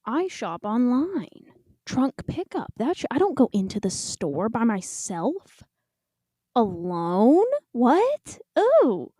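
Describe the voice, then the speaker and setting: Woman in her twenties, podcast co-host, rambling chatty storytelling, mellow tone, swooping pitch. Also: very animated, unhurried, slightly rough, no echo. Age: 20s. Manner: chatty, rambling, self-mocking.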